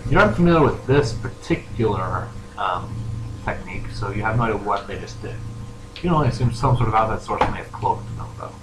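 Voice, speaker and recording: A man narrating as game master for a tabletop role-playing game, halting and full of fillers. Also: fairly low pitch, animated. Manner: halting, many fillers and restarts. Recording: noisy, echoey home recording.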